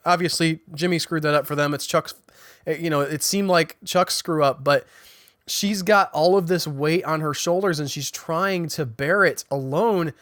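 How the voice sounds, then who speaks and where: A man with a fairly high voice talks through a TV episode in a loose, chatty recap. He often trips over his words and restarts sentences, and he paraphrases what the characters said. The sound is close and dry, with no room echo. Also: normal speed, a bit bright. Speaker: podcast host recapping a TV episode. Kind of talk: casual spoken recap.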